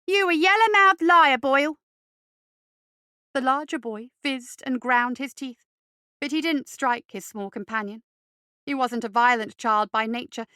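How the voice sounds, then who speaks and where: Narrator: woman, high clear bright tone, dry close mic, expressive reading. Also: no room sound. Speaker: storyteller. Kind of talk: scripted narration of a dark fairy tale.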